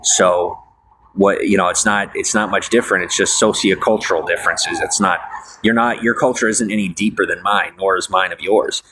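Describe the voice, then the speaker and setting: A man's voice: deep voice, fairly even intonation, normal speed, background noise. A young man talking to viewers in a rambling monologue, full of fillers and restarts, preachy and defiant.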